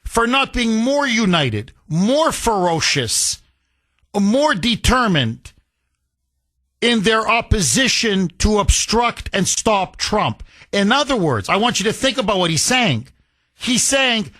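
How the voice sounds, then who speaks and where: Combative talk radio host, high bright voice. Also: male voice, very animated, no room sound, clean studio sound. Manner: combative, sarcastic, rapid-fire. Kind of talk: political talk radio commentary.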